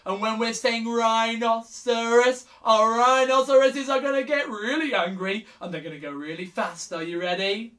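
A woman's voice: on the high side, fairly even intonation, normal speed, hardly any pauses, fairly bright tone. A woman leading an interactive preschool music lesson, counting out words and coaxing children in a sing-song way.

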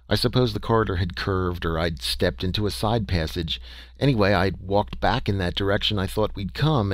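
Low-voiced man narrating a story. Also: no echo. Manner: folksy, conversational with small hesitations. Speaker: audiobook narrator. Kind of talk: first-person audiobook narration.

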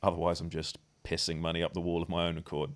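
A man's voice: low-pitched, completely flat delivery, fast. A man co-hosting a podcast, dry and wry, reading things aloud with mock gravity. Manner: dry, wry, reads articles aloud mockingly. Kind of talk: casual podcast banter.

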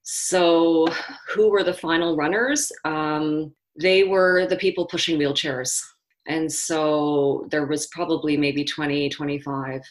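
A middle-aged woman telling a story in an interview, halting and restarting often. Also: deep voice, steady tone, poor audio. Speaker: interview guest, marathon runner.

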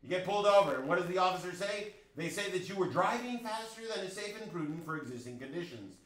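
A man's voice: high voice, lively intonation, fast talker, a bit bright, reverberant, rough recording. A middle-aged man teaching a driving class in a chatty, storytelling way, often checking in with the students. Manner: chatty, storytelling, frequent "right?" check-ins. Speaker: driving instructor. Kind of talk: classroom lecture.

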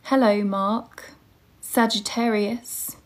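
A young woman hosts a casual livestream from home, speaking slowly and calmly. She greets viewers one by one and reads their star signs back to them. Her voice sits in an ordinary middle register for a woman. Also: mid-range voice. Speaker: livestream host and online English teacher. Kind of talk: casual livestream chat reading viewer comments.

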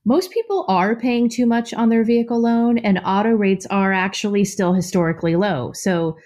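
A woman's voice: medium pitch, moderate pace, darkish tone. A woman reading a scripted podcast ad in an upbeat, conversational way. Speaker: ad reader.

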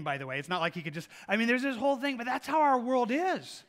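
Man preaching, pastor, high voice, bright and forceful, acts out prayers, animated. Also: fast talker, hardly any pauses. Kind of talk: sermon.

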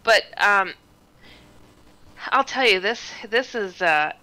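Guest storyteller: woman, bright and crisp, lively, acts out the people she quotes. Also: mid-range voice, slow pace, poor audio. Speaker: guest author. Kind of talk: telling a personal story on a talk show.

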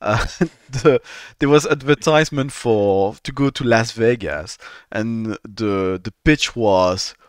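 A man's voice: fairly low pitch, slow, smooth, no room sound, studio quality. A Belgian man with a French accent, hosting a podcast in casual, wry conversation. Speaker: podcast host. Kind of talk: casual chat.

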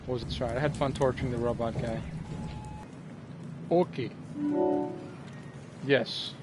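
A man's voice: medium pitch, fairly even intonation, a little slow, music in the background. Joking young man playing a game. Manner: joking, talks to game characters. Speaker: gaming streamer. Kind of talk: let's play commentary.

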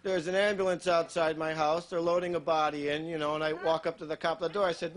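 A man performing a stand-up routine on a TV stage, telling dark jokes in a dry, offhand way and tagging lines with "you know.". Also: on the high side, flat delivery, quick pace. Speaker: stand-up comedian. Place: television studio stage with a live audience. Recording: 1980s TV broadcast with audience laughter.

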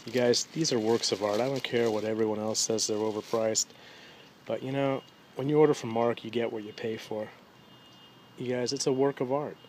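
A man's voice: mid-range voice, fairly even intonation, normal speed. Middle-aged guy unboxing rc stuff at home, hyped, says you guys a lot, bit of noise behind him. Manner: enthusiastic, keeps saying "you guys". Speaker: RC hobby vlogger. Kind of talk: casual unboxing chat.

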